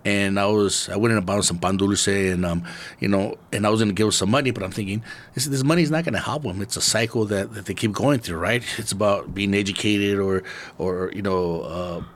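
A middle-aged man from East Los Angeles, hosting a casual podcast talk, laid-back and swearing freely as he thinks out loud. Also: on the low side, a little fast. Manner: laid-back and profane, muses aloud. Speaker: podcast host.

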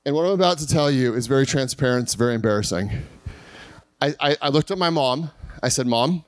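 A man preaching a Christmas Eve sermon, telling a lively personal story and acting out what people said. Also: mid-range voice, fast, dry recording. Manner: lively storytelling with acted-out quotes. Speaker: pastor. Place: church service.

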